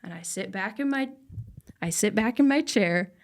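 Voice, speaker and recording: A woman's voice: mid-range voice, animated, normal speed. A young woman on a podcast, telling an emotional personal story in an earnest, casual way and laughing now and then. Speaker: podcast guest.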